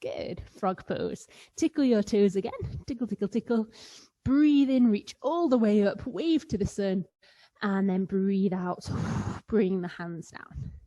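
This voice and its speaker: Slow, mellow woman leading kids yoga. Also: mid-range voice. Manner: playful, makes animal sounds for children. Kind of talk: guided kids yoga instruction.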